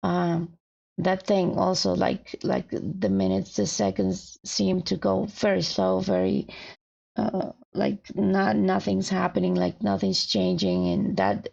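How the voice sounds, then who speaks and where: A woman's voice: medium pitch, animated, slow pace, gravelly, darkish tone. A woman thinking aloud as she writes, hesitant and searching for her words. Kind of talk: thinking aloud while writing. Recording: dull lo-fi sound.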